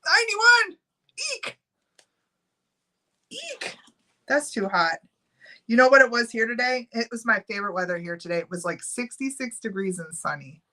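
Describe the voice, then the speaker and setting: A woman's voice: mid-range voice, a little fast, bright, forceful tone. A middle-aged woman chatting casually on a live stream, giggling often and reading out viewer names while she runs a giveaway.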